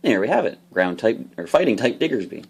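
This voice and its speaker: Lively low-voiced man opening card packs. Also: a little fast, husky. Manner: enthusiastic, explains card rules. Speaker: card unboxing host. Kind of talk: casual unboxing commentary.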